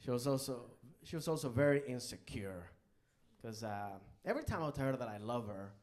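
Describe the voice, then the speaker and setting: Animated stand-up comedian man on stage. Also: mid-range voice, a little fast. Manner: animated, jumps into loud character voices. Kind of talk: live stand-up set.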